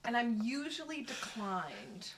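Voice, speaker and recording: A woman youth pastor talking as an interview guest. She is thoughtful and measured and reflects as she speaks. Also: fairly high pitch, very animated, noisy background. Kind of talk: casual interview conversation.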